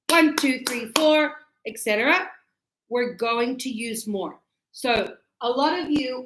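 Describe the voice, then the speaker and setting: A woman's voice: high voice, fairly bright tone, echoey room, low-quality recording. A woman teaching English grammar, patiently explaining with repeated examples and frequent check-ins. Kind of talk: slow classroom explanation.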